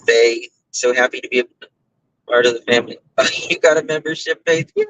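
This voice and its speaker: A man's voice: mid-range voice, a little fast, a bit bright, no room sound, lo-fi sound. A man hosting a casual livestream, chatting through stories and thanking viewers by name for gifted memberships. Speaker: livestream host.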